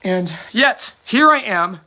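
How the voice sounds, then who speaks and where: Man, impassioned host, bright tone, rambling restarts, swears a lot. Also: high-pitched, animated, slow. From United States. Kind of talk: emotional solo monologue.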